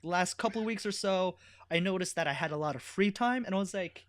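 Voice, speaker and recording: Laid-back young man, high voice. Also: a little fast, no room sound, clean studio sound. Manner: laid-back, uses "like" a lot. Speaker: podcast guest. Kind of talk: casual chat.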